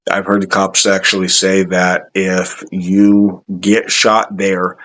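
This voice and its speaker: A man's voice: deep voice, monotone, takes it slowly, fairly bright tone. A man hosting an interview who affirms his guest's points with enthusiasm. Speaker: host.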